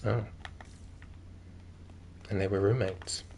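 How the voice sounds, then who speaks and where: Speaking slowly in a lowish, slightly mellow voice with fairly even intonation, a man streams a video game over slight background noise. He rambles casually, reads in-game notes out loud, and leans heavily on "like" and "um."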